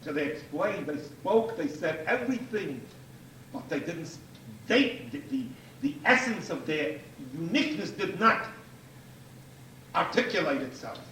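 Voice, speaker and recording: Male rabbi, high and lively delivery, emphatic repeater; distant mic, roomy echo, faint hiss. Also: measured pace. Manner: emphatic, repeats key phrases, animated. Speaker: rabbi giving a lecture. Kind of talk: Torah lecture to an audience.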